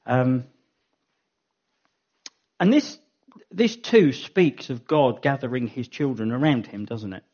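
A man's voice: mid-range voice, expressive, slow pace, pauses often, a little mellow, breathy edge. A man giving a Bible teaching talk, thinking aloud and correcting himself as he goes. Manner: thinking aloud, frequent ums and self-corrections. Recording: dull lo-fi recording.

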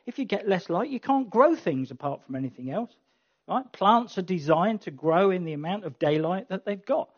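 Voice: medium pitch, lively intonation, moderate pace, lo-fi sound. A preacher giving a conversational sermon with wry asides that builds to emphatic passion, then leads a prayer.

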